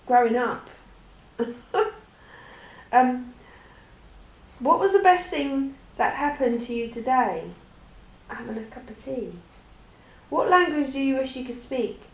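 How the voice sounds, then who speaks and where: A woman's voice: high-pitched, slow, pauses often, reverberant, rough recording. A woman answering questions in a chatty, rambling way, with many restarts. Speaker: vlogger. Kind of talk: casual Q&A chat.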